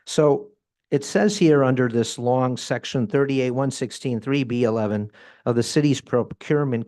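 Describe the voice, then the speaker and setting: A man's voice: medium pitch, a little mellow, no room sound, studio quality. A man speaking as a resident during public comment at a city meeting, pointed and dryly sarcastic.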